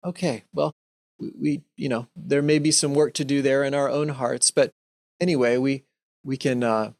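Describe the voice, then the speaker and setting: A man giving a gentle, earnest talk to a Christian audience, often restarting his sentences and acting out short examples. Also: medium pitch, no room sound, studio quality. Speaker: speaker giving a Lenten talk.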